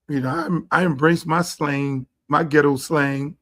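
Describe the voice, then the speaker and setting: A middle-aged man from Miami runs his own show in a blunt, profane, animated commentary style. His voice sits high for a man, and he often drops into quoted voices of the people he talks about. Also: unhurried, few pauses. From Miami, Florida. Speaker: host.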